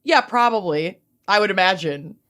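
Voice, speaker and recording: A woman co-hosting a podcast in casual chat, joking and sometimes dropping into low mumbles. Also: animated, moderate pace, fairly bright tone. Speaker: podcast co-host.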